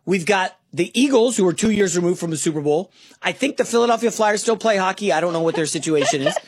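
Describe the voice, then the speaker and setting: A man filling in as sports radio host, talking through a chatty monologue of rapid opinions with fillers and restarts. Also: sits high, animated, noisy background. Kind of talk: sports talk show monologue.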